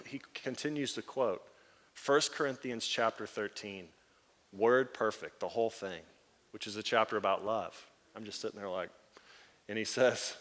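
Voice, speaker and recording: A man's voice: fairly low pitch, fairly quick. A man preaching a sermon, telling stories and acting out the voices of the people in them. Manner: animated storyteller acting out quoted voices, laughing. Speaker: pastor. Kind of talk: sermon with storytelling. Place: church sanctuary. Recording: long hall reverb.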